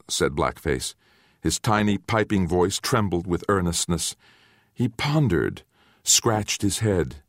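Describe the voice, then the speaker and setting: A man reading a novel aloud as its narrator, in a measured, storytelling way. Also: low-pitched, no room sound, studio quality. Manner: measured storytelling with expressive, varied intonation. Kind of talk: audiobook narration.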